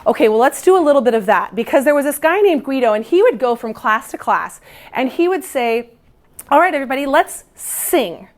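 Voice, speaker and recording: A music teacher addressing fellow teachers in a brisk, playful workshop style. Her voice sits on the higher side, and she slips into children's reactions as she tells a story. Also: lively intonation.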